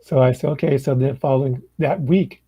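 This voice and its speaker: A man's voice: mid-range voice, brisk, breathy edge, no echo, low-quality recording. An older man, a blues musician, telling stories at an easy pace in a casual chat and acting out what others said. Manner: relaxed storyteller who acts out dialogue. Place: indoor room.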